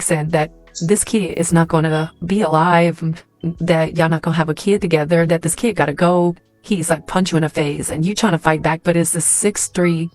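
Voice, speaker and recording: A woman's voice: low-pitched, no echo. A woman telling a dramatic story in the second person, in a casual, rambling way full of fillers. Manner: rambling, heavy use of "like" and "and stuff like that". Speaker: storyteller in a social media clip.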